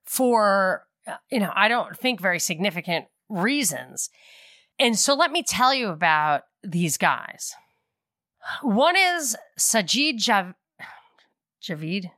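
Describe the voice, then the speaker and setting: A woman's voice: mid-range voice, sharp tone, no echo, clean studio sound. A middle-aged woman hosting a podcast, talking through politics in a rambling, opinionated way and correcting herself as she thinks aloud. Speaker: podcast host. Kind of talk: casual political commentary.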